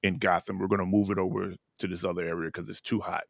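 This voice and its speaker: Low gravelly man in casual chat. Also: level tone, quick pace, no room sound, clean studio sound. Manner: rambling, many restarts and fillers. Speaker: podcast co-host. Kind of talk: casual chat recapping a TV episode.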